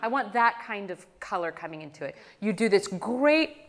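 A woman coaching a singer in a master class, animated and breaking into sung demonstrations. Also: mid-range voice, normal speed, big-room sound. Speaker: voice teacher.

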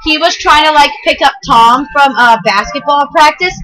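A woman's voice: high-pitched, normal speed, bright, forceful tone, low-quality recording. A young female gamer rambling through let's play commentary with lots of fillers.

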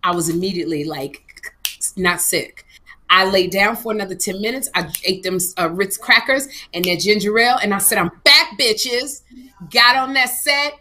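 A middle-aged woman co-hosting a casual comedy podcast, telling an animated story that swings between laughter and tears. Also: mid-range voice, moderate pace. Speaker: co-host.

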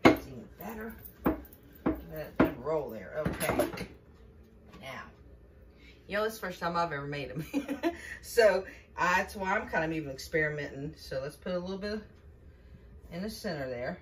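A woman's voice: on the low side, expressive, moderate pace, long pauses. A woman gives a chatty, folksy home-cooking demonstration in her kitchen and talks to viewers as y'all. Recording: distant mic with faint background noise.

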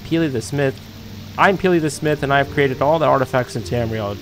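A man's voice: mid-range voice, a little fast, a bit bright, lightly acted. A man voicing a boastful, menacing male blacksmith in a video game, over game music. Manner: boastful, threatening.

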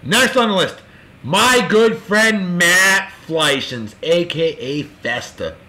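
A man hosting a casual show, giving boisterous, jokey birthday shout-outs in a folksy way. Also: high-pitched, lively intonation, slow. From California. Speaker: show host.

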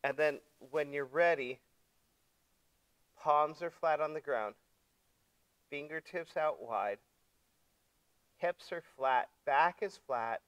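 Slow-spoken male yoga teacher. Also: fairly high pitch, dry recording, muffled recording. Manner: gentle, step-by-step cueing. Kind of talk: guided yoga class instruction.

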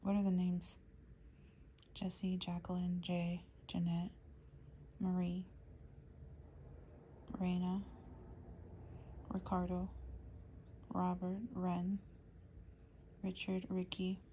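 Low-voiced woman giving a hushed tarot reading. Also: monotone, drawn-out words, long pauses, highs cut off, slight background noise. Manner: low, hushed delivery drifting into whispers; rambling, listing names as they come. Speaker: tarot reader. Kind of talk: channeled tarot reading to viewers.

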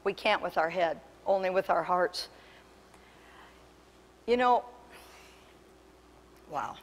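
A woman pastor preaching a sermon with impassioned, emphatic delivery that surges to loud peaks. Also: fairly low pitch, lively intonation, takes it slowly, long reverb tail. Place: church sanctuary.

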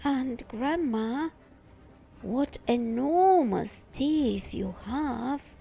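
A woman reading a storybook aloud, voicing a young boy who speaks high and eager. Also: very animated, takes it slowly, creaky, a little mellow, faint music behind, full character voice. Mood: frightened. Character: young boy hero, bold and frightened.

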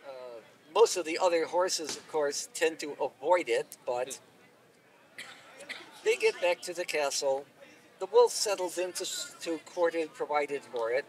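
A man telling a folk tale aloud at an outdoor event, unhurried and expressive, recorded from a distance. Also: fairly high pitch. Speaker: storyteller. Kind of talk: oral storytelling.

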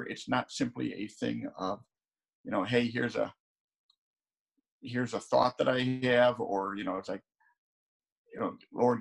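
Um homem, pastor, pregando um sermão em tom de conversa, repetindo palavras enquanto pensa. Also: male voice, mid-range voice. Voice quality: gravelly, husky. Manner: conversational, repeats words while thinking. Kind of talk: sermon.

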